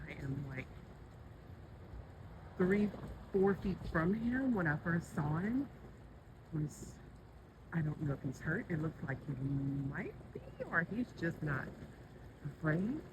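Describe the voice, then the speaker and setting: Breathless vlogger filming in a garden. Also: medium pitch. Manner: chatty, talks aloud to an animal, startled. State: a little out of breath. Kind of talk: casual handheld vlog commentary. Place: outdoor home garden. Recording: outdoor audio with clear traffic noise.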